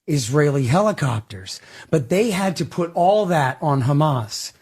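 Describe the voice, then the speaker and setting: A man arguing his point in an interview, leaning on rhetorical questions and quick answers. His voice is fairly high and husky, and it swings widely in pitch. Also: lively intonation, a little mellow. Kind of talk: argumentative interview talk.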